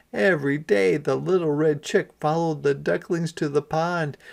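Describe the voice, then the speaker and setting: A man, a kindergarten teacher, reading a picture book aloud to young children and pausing to explain words. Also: fairly high pitch, vocal fry, a little mellow.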